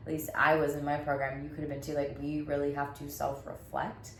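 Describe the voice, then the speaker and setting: Woman, very low voice, candid storyteller, swears freely, echoey room with faint hiss. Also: monotone, fairly quick. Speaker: podcast host, therapist. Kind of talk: casual chat.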